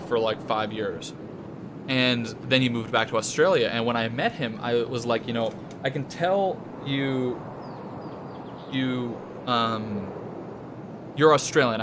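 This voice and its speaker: A man's voice: mid-range voice, background noise. A young man from Canada rambling and swearing freely while he streams a game. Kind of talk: casual gaming stream chat.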